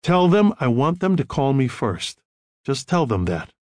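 A man voicing a calm, controlled counselor who gives quiet, measured instructions. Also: medium pitch, no echo, clean studio sound. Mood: firm.

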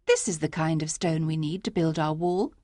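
A woman doing a high, eager young village girl. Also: moderate pace, mellow, dry recording, clean studio sound, natural voice. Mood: earnest.

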